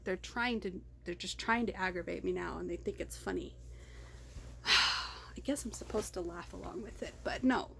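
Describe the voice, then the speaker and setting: A woman's voice: mid-range voice, creaky, a bit bright, a little hiss or hum. A woman talking to her camera in an unscripted video diary, rambling and distracted, often breaking into laughter. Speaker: vlogger.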